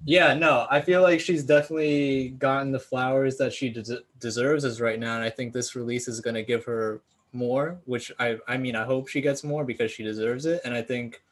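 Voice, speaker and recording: A man's voice: medium pitch, steady tone, normal speed, few pauses. A man co-hosting a casual sneaker podcast, talking in a laid-back, slangy way with plenty of swearing. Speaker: podcast co-host.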